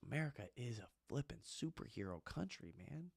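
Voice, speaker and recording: A man's voice: mid-range voice, expressive, normal speed, fairly bright tone, no room sound. A man and former Marine giving an impassioned, ranting monologue, repeating his points with emphasis. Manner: fired-up, ranting, emphatic repetition.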